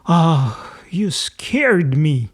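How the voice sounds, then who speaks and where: A man's voice: sits high, lively intonation, takes it slowly, creaky, a little mellow, exaggerated voice. A man voicing a young woman, a frightened and tearful sweetheart, in an audiobook reading.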